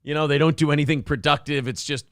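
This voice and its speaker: A man's voice: a little high, fairly even intonation, fast talker, creaky, no echo, clean studio sound. An American man hosting a morning show, ranting and joking sarcastically in casual banter. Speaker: radio show host.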